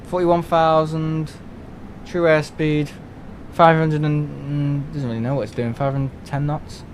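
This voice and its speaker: A man's voice: on the high side, little pitch movement, unhurried, slight background noise. A man from England chatting casually and rambling on a live game stream from home, with lots of restarts and fillers.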